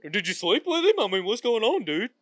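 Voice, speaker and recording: A man's voice: sits high, big pitch swings, fast talker, fairly bright tone, no room sound, clean studio sound, voice pushed up. A man doing a nagging, nosy mock voice. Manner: teasing, exaggerated. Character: man mocking his co-host, nagging and nosy.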